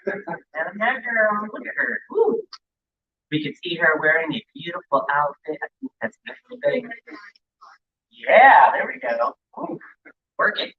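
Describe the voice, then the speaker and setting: A man's voice: high-pitched, animated, unhurried, creaky, long pauses. A man emceeing a live convention, chatty and apologetic, stumbling over names as he calls out groups. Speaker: event emcee. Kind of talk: live event hosting. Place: large indoor convention hall. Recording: echoey hall, distant dull sound.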